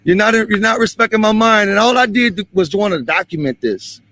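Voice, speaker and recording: A man confronting police on a street, angry and profane, repeating himself and shouting at times. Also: high voice, a little fast.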